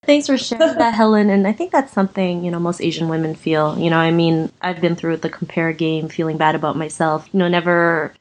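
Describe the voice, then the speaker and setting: Woman, podcast host, encouraging, reflective, lowish voice, lots of "you know". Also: steady tone, a little fast, hardly any pauses, low-quality recording. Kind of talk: interview conversation.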